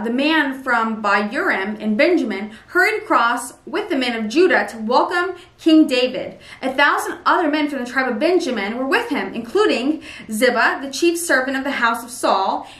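A woman reads scripture aloud at a steady, plain pace. Her voice sits high. The sound is roomy, and she is some way from the mic. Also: moderate pace, hardly any pauses. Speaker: Bible reader. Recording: roomy echo, mic at a distance.

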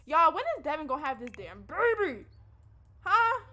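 Lively high-voiced woman chatting over gameplay. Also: normal speed. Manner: chatty, talks straight to viewers, slangy and expressive. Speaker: let's play host. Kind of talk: casual gameplay commentary.

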